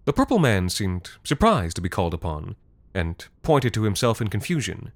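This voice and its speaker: Casting: male storyteller, very low voice, dry close sound, deadpan narration. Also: moderate pace, dry recording. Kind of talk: scripted narration.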